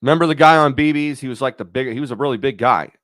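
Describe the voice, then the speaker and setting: A man's voice: medium pitch, rapid-fire, fairly bright tone, no echo, clean studio sound. A man hosting his own channel, thinking aloud in a rambling, profane, casual chat. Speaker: YouTube channel host.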